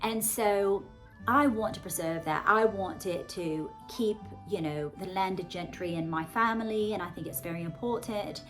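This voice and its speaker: A woman's voice: medium pitch, normal speed, soft background music. Gushing American woman with a put-on British polish. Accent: American Southern with a put-on British RP polish. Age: 40s. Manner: gushing, effusive, chatty with many fillers. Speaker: author and vlogger. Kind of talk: rambling casual monologue to viewers.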